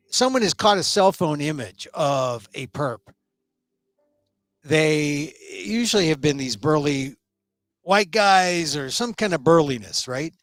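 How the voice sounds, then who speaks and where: A man's voice: fairly high pitch, a bit bright, dry recording. Emphatic middle-aged male talk host. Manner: emphatic, shifting pace for stress. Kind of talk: solo commentary monologue.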